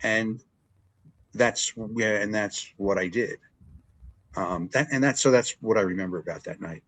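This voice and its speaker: The older man's voice is fairly low and unhurried as he tells stories from his years as a wrestling ring announcer. He's a guest in a casual interview, and he animatedly acts out the exchanges he remembers.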